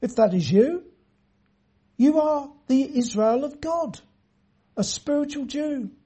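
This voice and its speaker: A preacher giving an earnest sermon, reading scripture in a measured way and speaking straight to the listeners. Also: sits high, animated, dark tone. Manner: addresses listeners directly.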